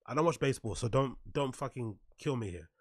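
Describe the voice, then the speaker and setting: A man's voice: mid-range voice, lively intonation, fairly quick, no room sound, clean studio sound. A man reacting to podcast clips with sarcastic, mocking commentary, swearing and answering his chat. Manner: sarcastic, swears a lot, reads chat aloud. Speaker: commentary streamer.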